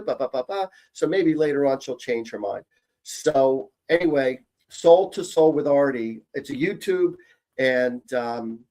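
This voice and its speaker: A man's voice: medium pitch, darkish tone. A man from Canada, a psychic medium, chatting upbeat with viewers on a live stream and often repeating himself. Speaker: psychic medium, show host.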